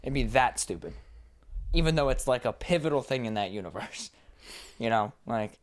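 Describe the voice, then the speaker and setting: A man's voice: mid-range voice, animated, normal speed. A young man co-hosting a podcast, telling rambling stories in casual chat and swearing freely. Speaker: podcast co-host.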